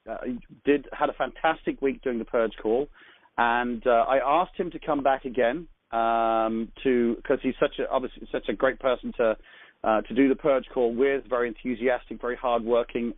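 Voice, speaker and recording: A man's voice: mid-range voice, no echo. English guy running a coaching call, chatty and upbeat, tinny phone sound, dead dry. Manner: chatty, upbeat, full of fillers and asides. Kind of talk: conference-call coaching talk. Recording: phone line.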